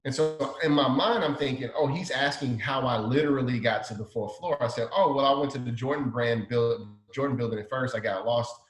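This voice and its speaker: In an echoey room, a designer from Chicago's South Side tells a story as an interview guest, speaking a little fast in a mid-range voice with hardly any pauses. He animatedly acts out the dialogue he quotes.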